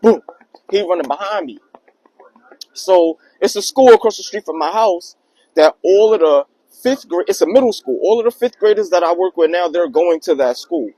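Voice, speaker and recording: A young man telling a personal story in a casual, slangy, animated way on his vlog. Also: high-pitched, normal speed, dry recording, rough recording. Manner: slangy, animated retelling with acted quotes.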